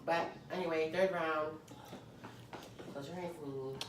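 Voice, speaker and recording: A woman's voice: low-pitched, steady tone, unhurried. Woman doing a casual vlog in her kitchen, giggly, echoey room, noisy in the back. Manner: giggly, exclaims a lot. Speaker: vlogger. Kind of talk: casual chat. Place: home kitchen.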